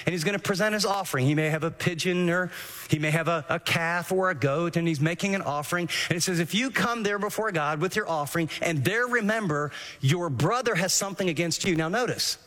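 A man preaching a sermon as a pastor, animated, acting out the thoughts of his listeners. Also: sits high. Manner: animated, acts out quoted inner voices. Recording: long hall reverb.

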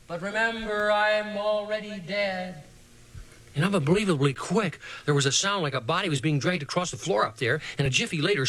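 A man narrating a children's storybook in an expressive, playful way. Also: a little high, no echo. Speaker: audiobook narrator.

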